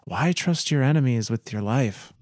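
A man reading out a skeptical space hunter who fires off disbelieving questions, his voice jumping higher. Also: lively intonation, a little mellow, dry recording, studio quality, natural voice. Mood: incredulous. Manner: quick incredulous questions.

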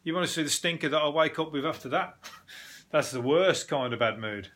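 A man with a thick Birmingham accent hosts a podcast in a loose, sweary, comedic rant. His voice sits a little high and sounds sharp and bright. He rambles, restarts his sentences and laughs at his own points. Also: animated, brisk. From Birmingham, England. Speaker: podcast host.

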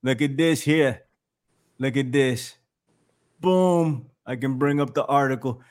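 A man hosting a podcast in casual chat, animated and jokey, laughing often as he riffs. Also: medium pitch, slow. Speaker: podcast host.

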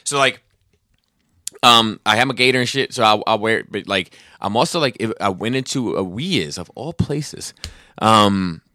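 Man, casual co-host, rambling, bright and forceful tone. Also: fairly low pitch, moderate pace, no room sound, studio quality. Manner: rambling, heavy on fillers and swearing. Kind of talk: casual chat.

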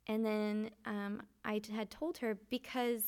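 Gravelly-voiced woman telling her story. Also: mid-range voice, flat delivery, a little slow, darkish tone. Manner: earnest, emotional, frequent fillers and restarts. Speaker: guest sharing testimony. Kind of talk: candid conversational storytelling.

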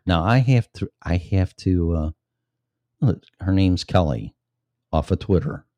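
A man's voice: low voice, unhurried, warm tone, no room sound, lo-fi sound. A man from Illinois, hosting his own show, reading news stories aloud and breaking off into blunt, profane, sarcastic rants. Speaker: podcast host. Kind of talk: reading news with ranting commentary.

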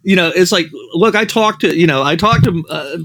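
A man's voice: high voice, moderate pace, a bit bright, no echo. A man, a novelist and screenwriter, telling rambling anecdotes as a podcast guest, full of "you know" fillers.

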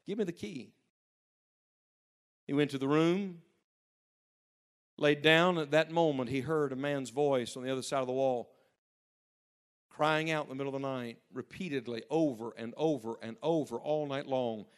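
A male pastor preaching a sermon to young people, telling stories and swinging between hushed passages and loud, urgent emphasis. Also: medium pitch, moderate pace, clear, resonant tone.

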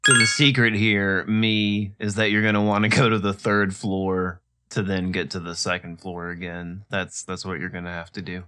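A man's voice: low-pitched, normal speed, hardly any pauses. A man casually chatting and reacting while playing a video game with a friend. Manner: excitable, reads game text aloud. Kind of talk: casual let's-play banter.

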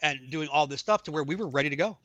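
A middle-aged man telling his life story in a casual podcast chat, acting out the dialogue of the people in it with animated voices. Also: on the high side, very fast, no room sound. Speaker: podcast guest.

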